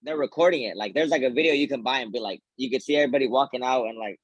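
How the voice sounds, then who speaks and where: A husky-voiced man tells a story on a podcast in loose casual chat. His speech is full of filler and laughter, and his voice sounds close and dry. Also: mid-range voice, very fast, no echo. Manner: rambling, heavy on filler "like", laughs through his stories.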